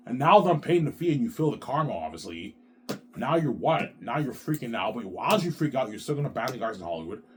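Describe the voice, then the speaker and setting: Man, 30s, vlogger. Agitated, repetitive, swears constantly, with pitch swinging wide between loud outbursts and low mutters. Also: very animated, fast. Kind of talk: rambling monologue to camera.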